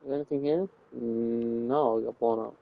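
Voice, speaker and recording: This young man's casual commentary walks through a Minecraft build in a rambling, playful way, with frequent self-corrections. He speaks at a moderate pace and medium pitch with fairly even intonation and vocal fry, on a dull, dry home recording.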